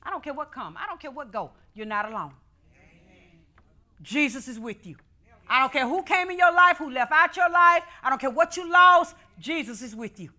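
A woman preaching a fervent call-and-response sermon, repeating phrases and swinging between hushed tones and shouts. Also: high voice, lively intonation, moderate pace.

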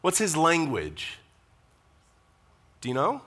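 A man's voice: fairly high pitch, wildly swooping pitch, slow, a bit bright. A man preaching a conversational sermon, with asides to the congregation. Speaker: pastor.

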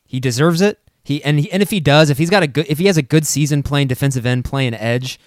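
A man co-hosting a casual sports podcast, earnest and full of halting restarts. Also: a little high, no room sound, studio quality. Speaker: podcast co-host.

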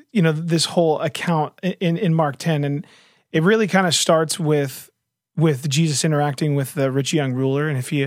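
A man's voice: fairly high pitch, no echo, clean studio sound. A man talking earnestly in a casual faith discussion, retelling a story with lots of fillers and restarts.

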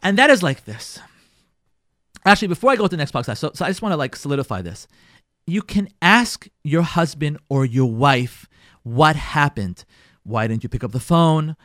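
Animated, high-pitched rabbi teaching a class. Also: male voice, moderate pace, dry recording, studio quality. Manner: emphatic, repeats key phrases, mixes in Yiddish words. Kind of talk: lively lecture to a live class.

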